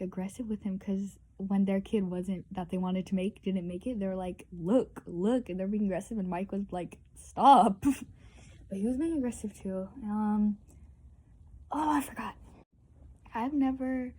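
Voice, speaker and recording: A teenage girl vlogs in a casual, rambling way, full of fillers and sudden excited squeals. Her voice is soft and mellow, pitched in the middle for a woman. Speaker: vlogger. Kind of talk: casual chat.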